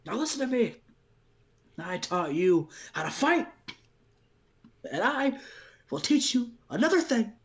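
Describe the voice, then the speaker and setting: A man's voice: very high voice, very animated, unhurried, long pauses, voice pushed up, exaggerated voice. A man voicing a stubborn older father who wrestles, taunting and challenging his son. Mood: fired up. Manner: shouting, needling challenges.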